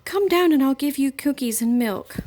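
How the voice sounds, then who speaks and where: A woman reading aloud, voicing a kind, gentle mother who is worried about her little girl. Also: medium pitch, normal speed, a little hiss or hum, lightly acted. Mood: coaxing. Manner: gentle, coaxing.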